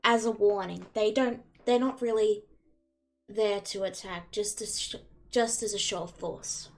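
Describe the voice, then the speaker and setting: A woman's voice: mid-range voice, steady tone, a little slow, gravelly. A woman running a tabletop game as game master, narrating casually over a voice call. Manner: casual, descriptive, with fillers.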